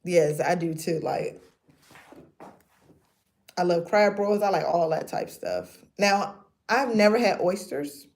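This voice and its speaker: A woman's voice: lowish voice, expressive, slow pace, long pauses, a little mellow. A woman, chatting casually with her viewers on a livestream and laughing often. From North Carolina. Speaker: livestream host.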